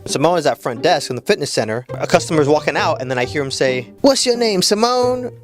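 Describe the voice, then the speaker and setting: A man telling funny personal stories in an animated storytelling video, jokey and full of voice switches. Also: medium pitch, fast. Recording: voice-over with music bed.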